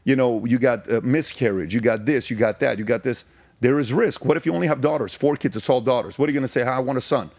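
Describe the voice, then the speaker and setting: A man in his forties from Iran, a podcast guest telling personal stories in an intense, emphatic way with rapid repeated phrases. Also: mid-range voice, darkish tone, no echo. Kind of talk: candid personal storytelling.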